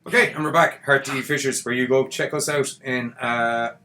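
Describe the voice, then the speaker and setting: A man's voice: medium pitch, steady tone, moderate pace, pushed and bright, slight background noise. A man hosting a podcast, chatting casually and joking loosely. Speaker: podcast host. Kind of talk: casual chat.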